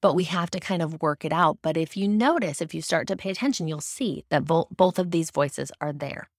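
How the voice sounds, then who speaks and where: Lady doing a faith talk, kinda low voice, earnest and explaining stuff, dry sound no room. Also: brisk, dry recording. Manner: earnest, explanatory, with occasional restarts. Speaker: devotional speaker. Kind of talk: faith-based teaching talk.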